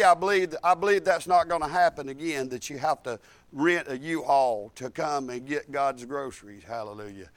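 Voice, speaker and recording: A man's voice: high voice, sharp tone, no room sound. A man preaching a sermon to a church, repeating phrases and building in emphatic bursts. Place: church service.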